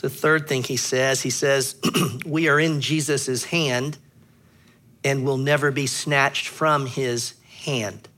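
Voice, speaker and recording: A man preaching a sermon as a pastor, teaching earnestly, clearing his throat often and pressing hard on key words. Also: medium pitch, steady tone, slow, bright, forceful tone.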